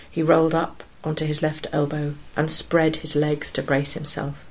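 A woman narrating a story aloud in a steady, measured way. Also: sits low, low-quality recording.

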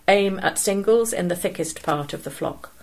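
A woman's voice: on the low side, moderate pace, natural voice. A woman reading the lines of a terse, commanding middle-aged fisherman in a story. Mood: stern. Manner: curt, commanding.

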